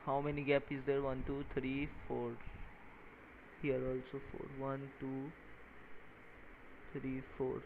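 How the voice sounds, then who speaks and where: A tired man talking casually while he codes and wires a small electronics project, halting and counting pins out loud. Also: medium pitch, completely flat delivery. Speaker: maker coding a microcontroller project. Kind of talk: casual talk-through while working. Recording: tinny phone-like sound with faint noise.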